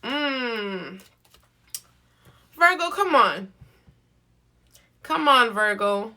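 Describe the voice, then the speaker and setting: A woman's voice: sits high, expressive, very slow, long pauses, bright, forceful tone. A woman giving a live zodiac card reading, coaxing her viewers over and over with affection and frequent laughs. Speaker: tarot card reader.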